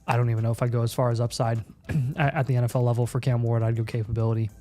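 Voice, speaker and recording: A young man co-hosting a casual live stream, rambling through fantasy football draft analysis, often repeating words and clearing his throat. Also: mid-range voice, level tone, racing, mellow.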